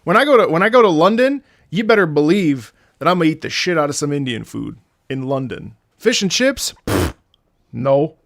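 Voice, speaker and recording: A man in his late thirties chatting casually as a streamer reacting to game music, excitable and swearing freely as he jumps between topics. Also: a little high, normal speed, creaky, dry recording, studio quality. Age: late 30s. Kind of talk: casual rambling chat.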